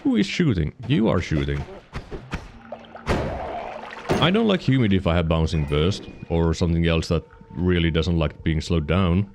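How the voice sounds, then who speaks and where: This game streamer, a man with a Finnish accent, speaks in a deep, gravelly, sing-song voice at a measured pace with frequent pauses, and there's background noise. His commentary is casual and rambling, he hiccups occasionally, and he corrects himself as he lays out the mechanics.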